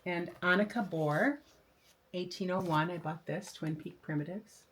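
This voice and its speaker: With a lowish, slightly rough voice and an unhurried delivery, this older flosstube host shows off her new patterns in a craft video. Her talk is casual, enthusiastic show-and-tell chat full of fillers and restarts.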